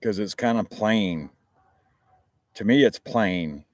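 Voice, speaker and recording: A low-pitched man with a Southern American accent rambles through a casual live talk show, chatty and loose, cursing freely and restarting his sentences. His voice sits close and dry, with little room sound around it. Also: slow, no room sound. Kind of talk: casual live-stream chat. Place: outdoors, chilly.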